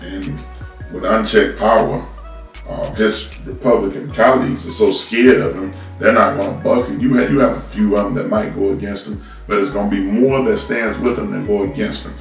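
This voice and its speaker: A man's voice: on the low side, fairly even intonation, normal speed, creaky, faint music behind. A man ranting bluntly and scolding his listeners, stumbling over repeated words as he talks into a phone from a distance. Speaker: commentary host. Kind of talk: unscripted political rant. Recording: roomy, from a distance off the mic.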